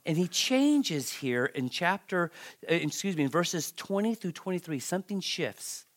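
A man preaching a sermon in an unhurried, deliberate way. His voice sits a little higher than most men's. He is dramatic, jumping from loud bursts to soft hushed lines, and he often stumbles, repeats words and starts again. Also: sing-song. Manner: dramatic, swings from loud outbursts to hushed near-whispers; halting, repeats words and restarts. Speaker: pastor. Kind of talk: sermon, Bible teaching.

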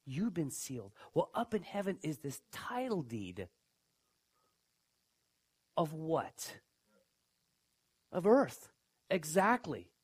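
A man preaching a sermon, emphatic, who asks his listeners questions and swings from hushed to loud. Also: big pitch swings, takes it slowly, long pauses, husky. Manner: emphatic, dramatic swings in pitch and loudness. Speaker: pastor.

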